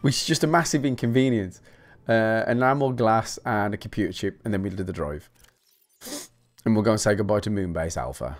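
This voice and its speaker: A man's voice: lowish voice, a little fast. Sweary chatty gamer man. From England. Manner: sweary, chatty, jokey rants to viewers. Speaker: gaming YouTuber. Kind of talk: casual let's-play commentary.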